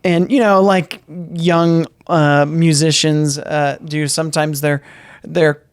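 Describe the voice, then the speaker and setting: Chatty higher-voiced male podcast host. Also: steady tone, slow, clean tone, dry recording, clean studio sound. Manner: chatty, frequent affirmations, storytelling. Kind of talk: casual podcast conversation.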